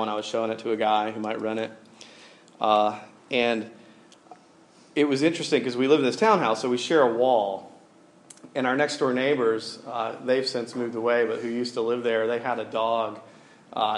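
A man in his forties preaching a sermon in a casual, animated way, with lots of fillers as he tells stories. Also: mid-range voice. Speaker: pastor. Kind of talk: conversational sermon.

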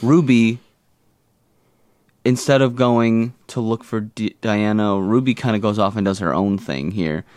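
Low-voiced jokey man, dry close sound. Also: darkish tone, no echo. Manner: jokey, rambling, quick asides. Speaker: podcast co-host. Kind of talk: casual recap chat.

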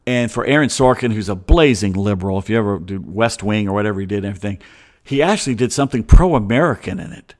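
A man's voice: fairly low pitch, animated, fast. A middle-aged man hosting a show, chatting in a loose, opinionated monologue full of digressions and chuckling asides. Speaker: host. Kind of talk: casual rambling monologue.

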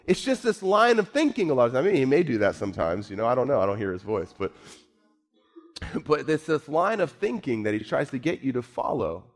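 A man delivering a sermon in a mid-pitched voice. He drops into low, hushed reflection, then rises sharply to loud, emphatic points. He slows down and repeats words to drive them home. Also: very animated. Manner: wide swings from low, quiet musing to raised, emphatic preaching; repeats himself, speaks slowly for emphasis. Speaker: pastor.

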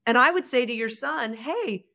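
A woman talking as a podcast guest about communication, with a somewhat high-pitched voice. She speaks emphatically and animatedly, acting out short exchanges as she explains. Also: moderate pace. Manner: animated, emphatic, acts out dialogue. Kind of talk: podcast conversation.

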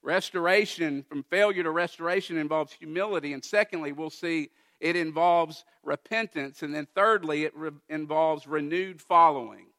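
A man preaching a sermon, retelling a Bible passage with lively, emphatic quoted dialogue. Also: a little high, moderate pace, hardly any pauses. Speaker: pastor.

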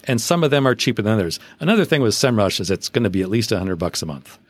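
A man with a fairly low voice hosts a casual podcast, explaining things step by step and offering frank opinions. The sound is dry and close to the mic. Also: big pitch swings, quick pace, no echo. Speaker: SEO podcast host.

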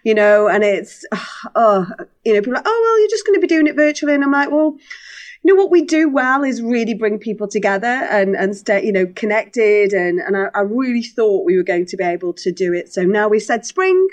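A woman being interviewed in a casual chat. She talks in quick bursts with many restarts, and her pitch leaps up whenever she quotes people. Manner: animated, jumps in pitch when quoting people. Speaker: podcast guest, awards organiser.

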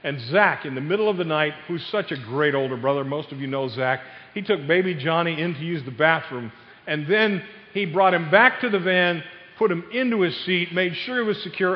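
An older man preaching a sermon, telling family stories with sudden loud outbursts. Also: fairly high pitch. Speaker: pastor. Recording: dull sound with long hall reverb.

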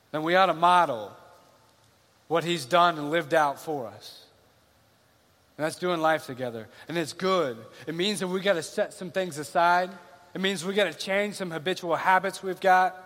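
A man preaching a sermon, speaking earnestly and conversationally and circling back to repeat his points. His voice sits high for a man. The recording carries a long reverb from a large hall with bleachers. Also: fairly bright tone. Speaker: pastor.

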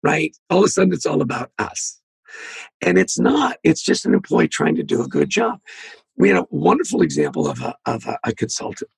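Gravelly man telling lively anecdotes. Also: a little high, fairly quick, no room sound. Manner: animated anecdotes, acts out quoted dialogue. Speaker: guest, leadership author. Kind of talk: storytelling interview talk.

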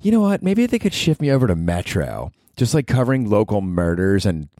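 A man's voice: fairly low pitch, big pitch swings, a little fast, mellow, no echo, clean studio sound. A man voicing a bored newspaper interviewer, weary and fed up.

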